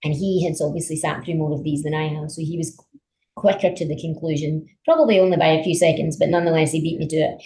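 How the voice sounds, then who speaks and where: A woman talking as a guest on a podcast. She tells stories in an animated way and uses a lot of fillers. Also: sits low, fast talker, rough recording. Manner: animated storyteller, many fillers. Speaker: politician guest. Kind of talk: casual conversation.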